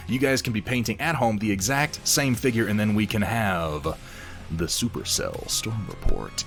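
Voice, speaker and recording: Chatty man with a lively voice. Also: mid-range voice. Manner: rambling, self-mocking, reads out chat names. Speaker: streamer. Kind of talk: casual live-stream chat. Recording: faint music behind. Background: faint music.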